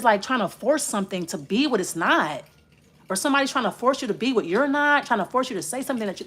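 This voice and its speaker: A woman in an unscripted tarot reading who swears freely and speaks bluntly, straight to the listener. Her sentences ramble and restart as she pulls cards. Her voice sits at an ordinary middle pitch. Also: fairly bright tone. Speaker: tarot reader. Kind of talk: casual spoken tarot reading.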